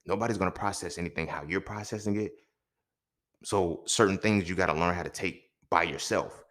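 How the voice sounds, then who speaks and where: Young guy, real low voice, telling his own story, swears a lot, keeps going "you feel me". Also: fairly quick, a bit bright. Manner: emphatic, profane, keeps checking in with listeners. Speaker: podcast host. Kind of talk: personal storytelling.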